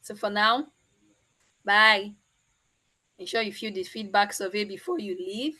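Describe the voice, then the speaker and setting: A woman's voice: mid-range voice, a little slow, sharp tone. A Nigerian woman hosting an online meetup over a video call, chatty and teasing. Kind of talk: casual chat.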